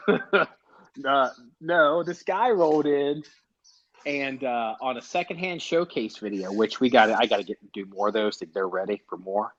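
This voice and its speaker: A podcast host talks casually in a medium-pitched, fairly bright voice at a measured pace. He rambles, swears and keeps cutting himself off, and the recording has a dull lo-fi sound.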